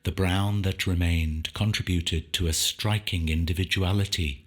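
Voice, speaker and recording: A man reading a short story aloud in a measured, reflective narration. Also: sits low, fairly bright tone, husky.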